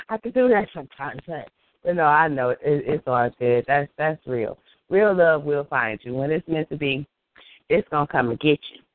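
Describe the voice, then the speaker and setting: A man's voice: a little high, animated, moderate pace. A man bantering and teasing playfully in a casual chat, laughing often. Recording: tinny phone-line audio.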